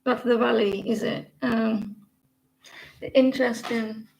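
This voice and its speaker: A British woman chatting loosely to her viewers on a livestream. Her voice sits a little high and has a gravelly, creaky edge. She rambles, trails off and restarts often, with plenty of fillers. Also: fairly even intonation, slow, a little mellow, low-quality recording. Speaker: tarot livestream host. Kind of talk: casual livestream chat with viewers.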